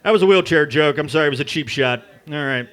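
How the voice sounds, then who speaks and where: A man doing a crude, loud stand-up comedy set at an open mic in a bar. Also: on the high side, quick pace. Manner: crude, loud, jokey storytelling. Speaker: stand-up comic.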